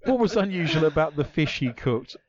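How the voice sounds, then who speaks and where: A man's voice: fairly high pitch, expressive, a little fast, highs cut off, a crowd in the background. A man hosting a comedy podcast quiz, playful and teasing, full of puns. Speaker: quiz host.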